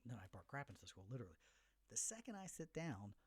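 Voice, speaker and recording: A middle-aged man hosts a solo podcast, racing through a story in a fast, rapid patter. His pitch swings widely as he acts out everyone's voices. He sits close to the mic in a dry, deadened room. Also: slightly rough, dry recording. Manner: animated storyteller who acts out the voices of others. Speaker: podcast host.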